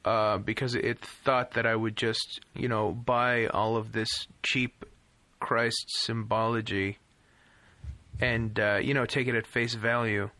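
Sardonic podcast guy, bright voice, super dry sound. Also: lowish voice, level tone, slow, no room sound. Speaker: podcast co-host. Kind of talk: casual chat, reading film credits.

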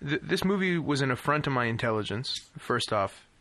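A man co-hosts a podcast chat in a dry, sardonic manner. His voice is bright and forward. The sound is close and dry, with no room behind it. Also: mid-range voice, expressive, brisk, dry recording. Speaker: podcast co-host. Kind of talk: casual chat, reading film credits.

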